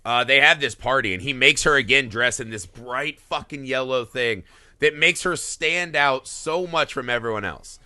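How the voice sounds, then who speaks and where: A man's voice: mid-range voice, normal speed, no room sound. A man in his thirties co-hosting a film podcast, talking casually and swearing a lot as he acts out scenes. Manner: animated, profane, acts out scenes in quoted voices. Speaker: podcast co-host.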